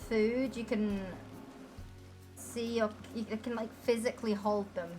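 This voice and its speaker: A woman's voice: a little high, steady tone, moderate pace, over music. A young woman streaming and role-playing a game, chatting casually in a put-on Southern US accent, rambling and filling her talk with "like" and restarts.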